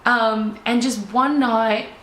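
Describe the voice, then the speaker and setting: Animated woman in an echoey room. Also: a little high, takes it slowly, slight background noise. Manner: animated, enthusiastic storyteller. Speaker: life coach. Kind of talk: personal storytelling. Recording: roomy echo, faint ambience.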